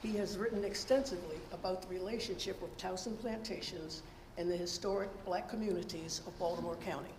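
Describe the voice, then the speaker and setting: A woman's voice: lowish voice, steady tone, a little fast. A woman moderating a public hearing, introducing speakers and reading their prepared bios. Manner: announcing, reads prepared bios. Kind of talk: formal introductions. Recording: echoey hall with noise.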